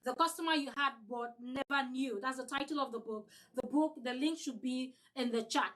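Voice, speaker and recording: High-voiced woman leading a sales training. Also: moderate pace, a bit bright, rough recording. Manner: emphatic, repeats points, acts out sample customer-service lines. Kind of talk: online training session.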